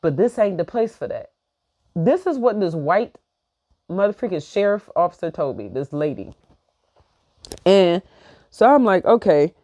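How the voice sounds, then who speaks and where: A young woman vlogging, telling a personal story in a heated, animated way and acting out both sides of each exchange. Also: lowish voice, measured pace, long pauses, no echo, muffled recording. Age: young adult. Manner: heated, animated retelling with quoted back-and-forth. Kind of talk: casual storytelling.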